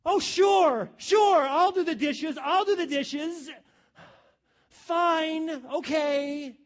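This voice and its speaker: A man voicing a grudging, sarcastic man who agrees to chores with loud exaggerated sarcasm. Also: extremely high pitch, drawn-out words, voice pushed up, full character voice.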